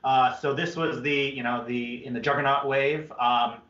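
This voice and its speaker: A man's voice: mid-range voice, fairly even intonation, moderate pace, a bit bright. A man hosting a live stream product presentation, upbeat and chatty with many fillers. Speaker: toy brand host. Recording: muffled, roomy stream audio.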